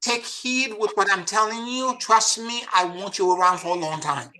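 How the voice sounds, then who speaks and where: Brief: male spiritual teacher, bright, forceful tone, instructive and emphatic. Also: sits high, normal speed. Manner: emphatic, instructive, repeats key words. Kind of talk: teaching a live class.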